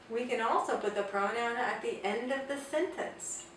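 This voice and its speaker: A woman explaining grammar in an online language lesson, slowing down carefully to model example sentences. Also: a little high. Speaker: Spanish teacher. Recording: echoey room, distant mic, faint noise.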